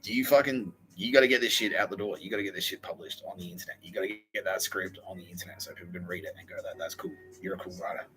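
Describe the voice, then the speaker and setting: A man's voice: low-pitched, fairly even intonation, rapid-fire, few pauses, pushed and bright, soft background music, poor audio. A man hosting a comedy podcast, rambling through a jokey monologue and swearing heavily. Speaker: podcast host.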